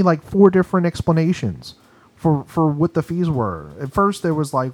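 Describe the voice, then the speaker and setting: A man's voice: fairly high pitch, very animated, moderate pace, darkish tone. A man on a podcast in a recording studio, telling a long story as a casual rant that is agitated, profane and emphatic. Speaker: podcast co-host.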